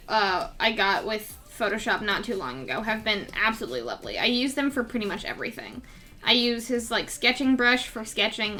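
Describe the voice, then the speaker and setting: A woman's voice: a little high, pushed and bright. A young woman chatting casually with her viewers and her cat during a live drawing stream.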